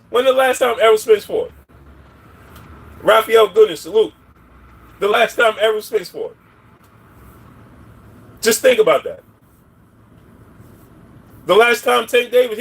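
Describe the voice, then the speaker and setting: With a high, breathy voice, a man runs a laid-back livestream about boxing, offering rambling opinions and saying hello to viewers by name.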